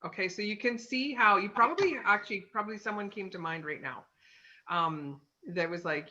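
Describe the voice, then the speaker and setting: A sales consultant teaches personality types in a casual lesson from her home office, chatting along with lots of fillers and "okay?" check-ins. Her mid-range voice is brisk and sharp, and the sound is lo-fi.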